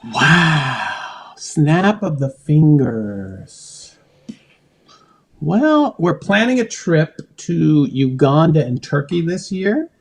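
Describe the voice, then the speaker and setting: A man being interviewed on a podcast, telling rambling, animated stories. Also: a little high, extremely slow. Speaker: podcast guest. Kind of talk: casual interview.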